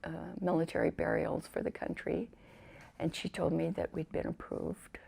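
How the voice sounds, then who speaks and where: Gravelly older woman, dark voice. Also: deep voice, level tone, normal speed. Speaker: veteran telling her story. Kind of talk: oral history interview.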